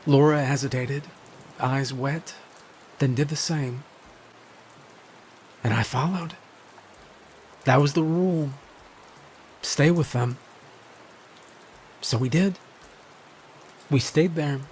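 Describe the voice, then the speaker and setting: Male horror storyteller; unhurried, grave, first-person scripted read. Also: medium pitch, a little mellow, slight background noise. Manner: measured and grave.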